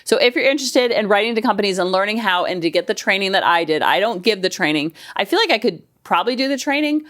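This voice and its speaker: A woman's voice: animated, fast talker, a bit bright. A middle-aged woman, a counselor and life coach, hosting her podcast in a chatty, upbeat way. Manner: chatty, upbeat, acts out quotes in lower voice. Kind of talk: casual chat.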